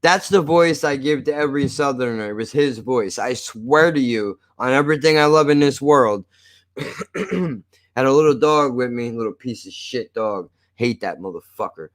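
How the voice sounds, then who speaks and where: A male streamer chatting casually into a desk microphone. He jokes and swears freely and often breaks into laughter. His pitch sits in the middle of the male range. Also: expressive, normal speed. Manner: profane, joking, laughs often. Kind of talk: casual live-stream chat.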